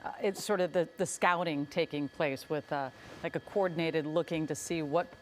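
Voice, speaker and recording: A woman's voice: deep voice, fairly even intonation, normal speed, slight background noise. A woman anchor commenting on live footage, feeling her way through phrases. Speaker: news anchor.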